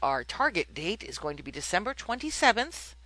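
Lively, bright-voiced woman podcast host. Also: medium pitch, fairly quick, poor audio. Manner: animated, exclamatory rambling. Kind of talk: casual gaming podcast chat.

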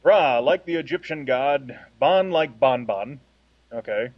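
A husky man co-hosting a casual gaming podcast, his pitch a little high and bouncing a lot. He reads a fan email with enthusiasm and pokes fun at himself. The sound is dry and muffled, from a lo-fi mic. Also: lively intonation, a little slow, no room sound. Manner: enthusiastic, self-deprecating. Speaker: podcast co-host reading listener email.

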